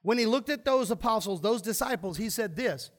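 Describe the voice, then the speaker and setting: A man's voice: high voice, animated, fairly quick. A pastor preaching a sermon to his church, emphatic, asking the congregation questions and answering them himself.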